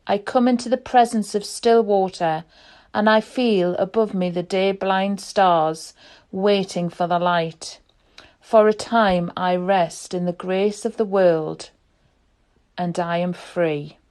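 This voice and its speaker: A woman reads a poem aloud, unhurried and reflective. Her delivery is calm and measured, with long, careful phrasing. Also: mid-range voice, clean tone. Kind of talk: slow poetry reading.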